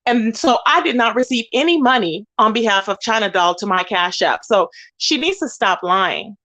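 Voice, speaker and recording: A woman's voice: mid-range voice, lively intonation, normal speed, bright, forceful tone. A woman hosting a livestream, ranting indignantly and emphatically while greeting chat viewers. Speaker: livestream host. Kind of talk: heated livestream rant.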